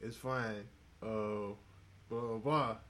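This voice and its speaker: A relaxed middle-aged father , quoted by a man, speaks low and quietly. He is matter-of-fact and easygoing. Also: slow. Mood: casual.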